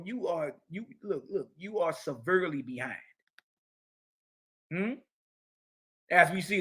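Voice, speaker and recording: High-voiced man giving a combative scripture lecture. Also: pushed and bright. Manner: mocking, confrontational, slangy; repeats key phrases for emphasis. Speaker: religious teacher.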